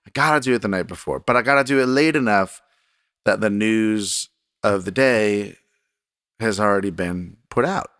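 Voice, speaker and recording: Podcast host, male, very low voice, rambling self-deprecating solo chat, close and dry. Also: normal speed, fairly bright tone, smooth, dry recording. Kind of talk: casual solo podcast monologue. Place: desk in a home recording room.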